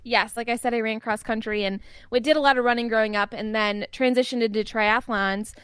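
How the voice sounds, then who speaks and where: A woman's voice: fairly high pitch, steady tone, a little fast, a bit bright, clear, resonant tone, no echo. A young woman, an interview guest, telling family stories in a chatty way and laughing often. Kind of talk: casual storytelling in an interview.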